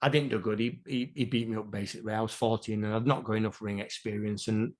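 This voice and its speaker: Fast-talking man telling stories. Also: lowish voice. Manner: animated, rambling, many restarts. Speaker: interview guest. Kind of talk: casual storytelling chat.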